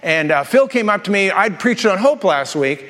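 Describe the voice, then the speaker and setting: A man's voice: high voice, sing-song, a bit bright. Male pastor, upper register, joking sermon delivery, long church-hall reverb. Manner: jokey storytelling, quick asides and self-repeats.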